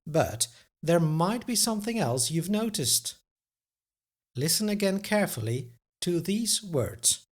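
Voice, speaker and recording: A man's voice: high-pitched, very animated, measured pace. A man teaching a pronunciation lesson, carefully enunciating each example word and then giving its translation. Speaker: Dutch language teacher.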